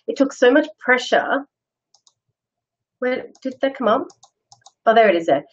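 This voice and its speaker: A woman's voice: a little high, animated, a little slow, husky, dull audio. A middle-aged woman hosting a casual live chat, answering viewer comments in a candid, self-deprecating way and laughing often. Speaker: host.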